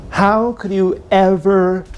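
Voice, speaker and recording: A man's voice: high-pitched, flat delivery, takes it slowly, highs cut off, a little hiss or hum. A man livestreaming from an action camera, rambling off the cuff in a playful, joking way. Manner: stream-of-consciousness, joking, playful. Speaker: livestreaming vlogger. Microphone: action camera mic.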